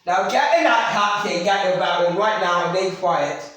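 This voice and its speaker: Bossy shouting woman, put on by a man. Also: high voice, moderate pace. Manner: scolding, barking orders. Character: bossy shouting woman ordering someone into a taxi. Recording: very echoey room, mic far off.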